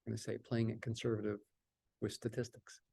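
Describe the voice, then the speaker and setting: A man's voice: on the low side, completely flat delivery, brisk, vocal fry, dark tone, breathy edge. A man teaching a statistics lecture, stressing points by repeating words and asking and answering his own questions. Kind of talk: recorded math lecture.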